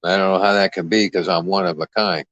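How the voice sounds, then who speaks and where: A very deep-voiced man hosts a livestream and trades crude insults in a brash, mocking drawl. The sound is dry and a little dull, like a cheap mic close up. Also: fairly even intonation, fast talker, a bit bright, no echo. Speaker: livestream host. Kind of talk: crude trash-talking livestream chat.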